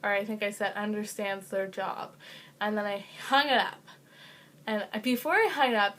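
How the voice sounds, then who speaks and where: A woman's voice: medium pitch, moderate pace, fairly bright tone. A young woman telling a casual storytime vlog, chatty with lots of fillers and sarcastic asides, coughing now and then. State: occasional cough. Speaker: vlogger.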